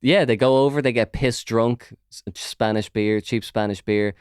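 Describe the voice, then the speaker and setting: A man's voice: mid-range voice, steady tone, moderate pace, clean tone, no room sound. Irish man, podcast host, casual sweary chat, resonant voice, dry close sound. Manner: sweary, mocking, loose rambling delivery.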